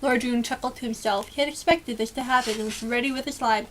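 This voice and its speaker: A woman reading a children's storybook aloud with lively, expressive storytelling. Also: on the high side, quick pace, few pauses, a little hiss or hum. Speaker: storybook reader.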